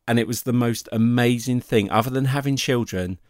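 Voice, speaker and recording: A middle-aged man telling a personal story in a casual, animated way, acting out the voices he quotes. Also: mid-range voice, fairly quick, no room sound, studio quality.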